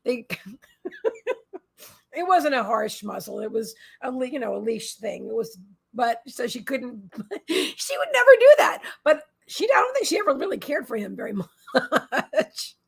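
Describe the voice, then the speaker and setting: High, gravelly-voiced woman psychic host. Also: very animated, unhurried. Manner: rambling and emotional, talks to her dog mid-stream. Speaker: psychic reader hosting a live stream. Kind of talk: casual live-stream chat, reading viewer comments. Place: home, at her desk.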